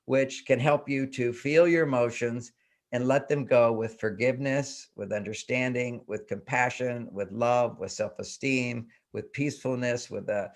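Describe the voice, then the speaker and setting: On a talk show, an older relationship expert earnestly works through his ideas by asking himself one rhetorical question after another and voicing the inner responses. His voice is medium in pitch, steady in tone, and unhurried.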